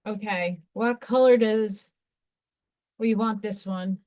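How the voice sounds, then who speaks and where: A woman hosting a craft livestream, chatting casually and excitedly while she works and talks to herself. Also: mid-range voice, slow pace. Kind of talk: casual live-stream chat while crafting.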